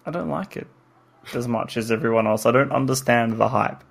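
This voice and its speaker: A man's voice: medium pitch, brisk, creaky. An Australian man co-hosting a podcast, talking about games in a laid-back, candid way, often restarting his sentences. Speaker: podcast co-host. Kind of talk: casual gaming chat.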